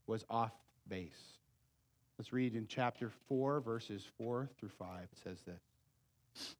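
A man preaching a sermon as pastor, pleading and emphatic, swinging between loud urgent passages and quiet low asides. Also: lively intonation, takes it slowly.

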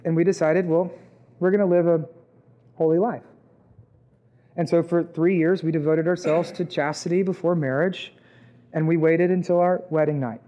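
Man, young adult, high-pitched, preacher, conversational sermon, emphatic peaks. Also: steady tone, normal speed, pauses often, muffled recording. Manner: conversational, acts out quoted voices, rises to loud emphatic peaks. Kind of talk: sermon with personal testimony.

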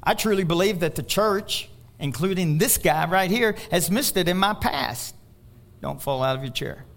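A male pastor preaching a sermon, swinging from loud exhortation to hushed asides. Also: high voice, moderate pace.

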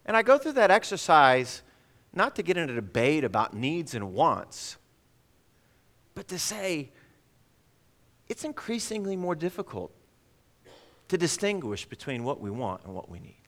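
A man's voice: fairly high pitch, sing-song, measured pace, long pauses, a bit bright. A middle-aged man preaching a storytelling sermon at a church service. He acts out dialogue in different voices and puts rhetorical questions to the congregation. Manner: asks the audience rhetorical questions.

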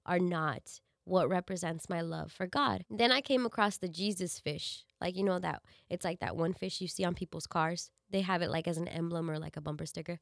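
A woman's voice: medium pitch, a bit bright, dry recording. Woman host, congested and nasal from a cold, candid casual delivery, dry studio sound. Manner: candid, profane, chatty. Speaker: podcast host and radio DJ. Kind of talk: casual solo podcast talk.

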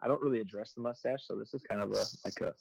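Firefighter guy telling stories, acts out loud quotes, dead dry mic. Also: fairly low pitch, racing, vocal fry, husky, dry recording, low-quality recording. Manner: animated storytelling, jumps into loud quoted voices. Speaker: firefighter and comedy video creator. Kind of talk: casual podcast chat.

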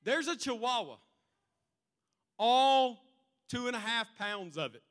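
A male pastor preaching a sermon, telling stories in an animated way that swings between loud and quiet. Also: extremely high pitch, takes it slowly. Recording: long reverb in a large hall.

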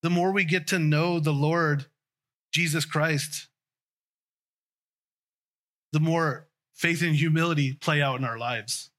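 Man preaching, conversational, bright sharp voice, slightly high pitch, restarts sentences. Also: steady tone, slow, pauses often. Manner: conversational, with restarts and trailing phrases. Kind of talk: sermon.

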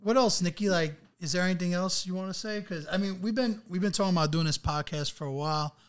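A man's voice: high-pitched, fast, clean tone. A man hosting a casual podcast, talking loosely and often repeating himself. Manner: loose, repeats words, praises the guest. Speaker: podcast host.

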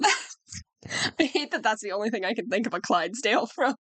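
A woman's voice: fairly high pitch, sing-song, fairly bright tone, slightly rough, dry recording. Jokey woman tossing in asides. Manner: jokey, quick asides, laughs. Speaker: podcast co-host. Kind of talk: casual chat.

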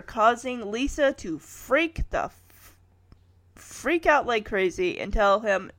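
A woman's voice: on the high side, animated, slow pace, fairly bright tone, no room sound. A woman in her thirties casually recapping a TV episode, with wry personal asides and chuckles.

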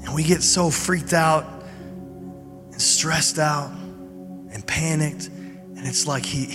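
A man gives a sermon in an informal, conversational way, like a pastor talking to his congregation. His voice carries a long hall reverb. Soft music plays clearly behind him. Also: fairly high pitch, takes it slowly, pauses often. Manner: conversational, informal preaching with fillers. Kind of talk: sermon and prayer.

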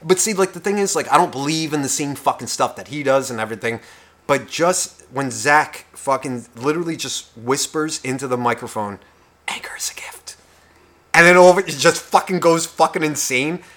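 A young man co-hosting a podcast, ranting in a profane, heated way, swinging between loud outbursts and whispers. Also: a little high, fairly quick. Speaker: podcast co-host. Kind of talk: casual podcast rant.

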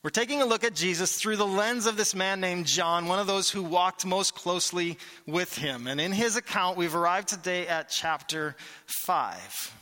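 A man preaching a sermon to his church in a conversational, animated way, asking the congregation rhetorical questions. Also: sits high, moderate pace, big-room sound. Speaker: pastor. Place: church sanctuary.

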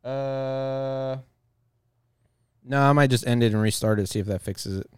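A man in his thirties hosting a live chat, telling stories in a profane, animated way with frequent laughs. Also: mid-range voice, measured pace, clear, resonant tone, dry recording, clean studio sound. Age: 30s. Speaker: podcast host. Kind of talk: casual chat.

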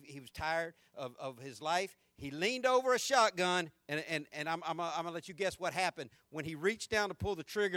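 A man preaching a folksy, emphatic sermon, rising to shouts at peaks. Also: a little high, no echo.

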